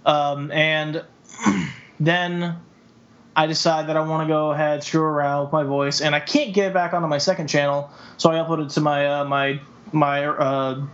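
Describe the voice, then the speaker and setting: A man chatting casually on a podcast, halting with many restarts. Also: a little high, little pitch movement, fairly bright tone. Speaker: podcast co-host. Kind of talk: casual chat. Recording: dull lo-fi podcast audio.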